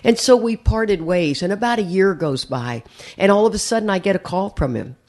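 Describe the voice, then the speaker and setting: An older American woman shares her story at a recovery meeting as an AA speaker, her mid-range, darkish voice animated and at normal speed. She's chatty and rambling, often repeating words as she starts a sentence.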